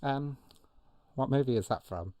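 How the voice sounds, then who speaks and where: A man's voice: mid-range voice, a little slow, mellow, no echo. A man hosting a casual live quiz, jokey and self-mocking, with plenty of ums. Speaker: quiz host.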